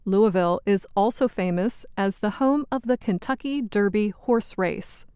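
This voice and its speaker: A woman presenting a scripted educational program, in a clear, measured, teacherly way. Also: mid-range voice, dark tone, no room sound, studio quality.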